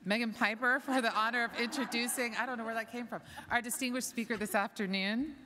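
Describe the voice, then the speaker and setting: A middle-aged woman giving a warm, chatty, emotional speech as an award presenter, moved close to tears. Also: fairly high pitch, steady tone, brisk, a little hiss or hum. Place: large conference hall. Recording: long hall reverb.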